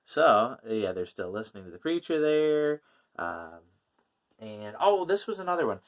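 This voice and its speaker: A man's voice: medium pitch, very animated, measured pace, dull audio. Rambling man reviewing comics. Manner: rambling, many fillers and laughs. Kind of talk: casual chat.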